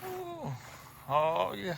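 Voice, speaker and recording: A man's voice: high voice, huge pitch swings, extremely slow, vocal fry, fairly bright tone, slightly rough. Folksy Southern man vlogging outdoors. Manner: folksy, chatty, laughs often. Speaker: wild hog trapper. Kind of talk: casual vlog narration. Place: outdoors in a field.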